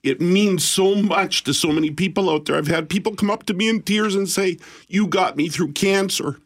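A middle-aged radio host, speaking in a heartfelt, emotional way. His voice sits a little high for a man, and he talks in a relaxed, casual on-air style from a studio. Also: fairly quick.

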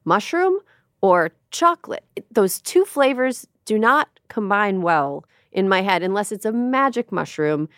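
A woman hosting a podcast in casual chat, wry and emphatic with quick asides. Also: medium pitch, sing-song, a bit bright, clear, resonant tone, dry recording, studio quality. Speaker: podcast host.

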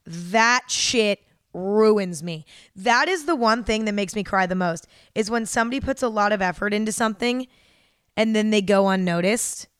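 A woman's voice: medium pitch, normal speed, clear, resonant tone, no room sound, studio quality. A young woman hosting her own podcast, talking candidly and casually, with lots of "like" and frequent swearing. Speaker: podcast host. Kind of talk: casual confessional monologue.

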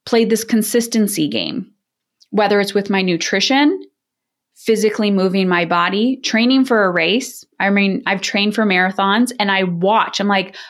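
A middle-aged woman speaking as a parenting coach in a podcast interview. She talks in a direct, energetic way and often acts out what other people say. Her voice sits at an ordinary middle pitch. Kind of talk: candid podcast interview talk.

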